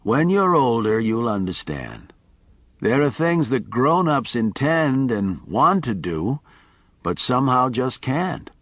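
A man voicing an elegant, silver-haired older man who speaks calmly and kindly. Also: medium pitch, slow, dry recording, heavily acted. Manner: calm, gently explaining.

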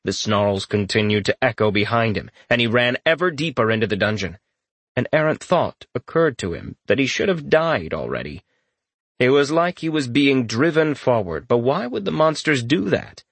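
A man reading a fantasy audiobook aloud in a steady storytelling voice, lifting his pitch for dramatic lines. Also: moderate pace, no room sound. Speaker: audiobook narrator. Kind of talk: scripted fantasy audiobook narration.

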